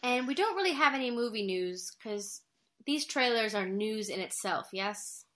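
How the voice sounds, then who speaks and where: A woman's voice: on the high side, lively intonation, normal speed, fairly bright tone. A woman co-hosting a movie podcast in casual, rambling chat, laughing often. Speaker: podcast co-host reviewing movies.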